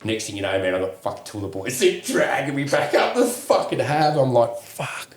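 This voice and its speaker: An Australian man, a veteran guest, telling a war story in a profane, laughing, animated way. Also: mid-range voice, moderate pace, echoey room. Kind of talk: casual storytelling.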